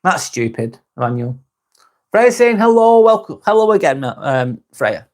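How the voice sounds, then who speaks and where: A British man hosting a live stream, chatting with viewers in a calm, relaxed, easygoing way. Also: a little high, unhurried. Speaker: live-stream host reading viewer comments. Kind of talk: casual live-stream chat.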